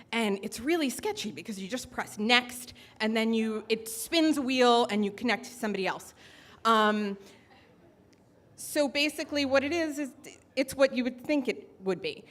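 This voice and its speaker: High-voiced woman telling a story onstage. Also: fairly bright tone. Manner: chatty, filler-heavy, self-mocking. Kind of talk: live personal storytelling. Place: live storytelling stage.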